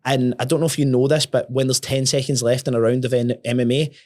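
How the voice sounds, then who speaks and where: A young man speaking as a podcast guest, with a mid-pitched voice. He tells his story in a casual, animated way. He swears often and stumbles over repeated words. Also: quick pace, a little hiss or hum.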